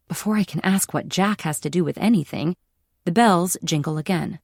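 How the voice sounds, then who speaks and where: A woman's voice: low voice, normal speed, creaky, a little mellow, slightly rough, no echo, clean studio sound. A woman narrating a first-person audiobook in a wry, dryly humorous manner.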